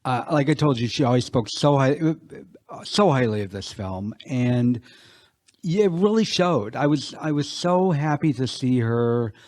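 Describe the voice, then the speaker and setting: A man's voice: mid-range voice, expressive, a little slow, darkish tone, no room sound. A man co-hosting a podcast, reflecting on a film in a conversational way, with dry asides. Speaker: podcast co-host. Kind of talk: casual film discussion.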